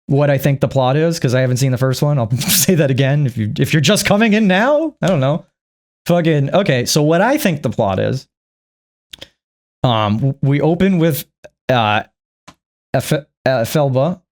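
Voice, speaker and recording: A man's voice: medium pitch, animated, normal speed, darkish tone. A man vlogging a rambling movie recap, profane and chuckling often.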